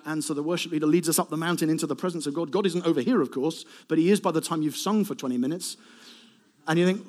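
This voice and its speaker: Guy preaching to a crowd, kinda high voice, chatty and animated, makes asides to the room. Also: fast talker. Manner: animated, conversational, with asides to the congregation. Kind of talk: sermon. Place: warm hall with a live congregation.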